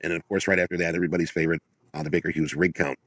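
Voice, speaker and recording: Low, husky male news reader on a trading stream, relaxed and filler-heavy, brisk. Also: no echo. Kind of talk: casual news rundown.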